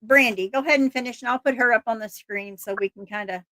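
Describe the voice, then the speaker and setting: A woman hosting a casual live stream, talking in an excitable, rambling way and laughing often. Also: fairly high pitch, quick pace, dry recording, clean studio sound. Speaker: livestream host.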